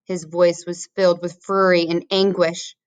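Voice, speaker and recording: A teacher reading a children's book aloud in a measured storytelling manner. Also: female voice, fairly low pitch, level tone, smooth, dry recording.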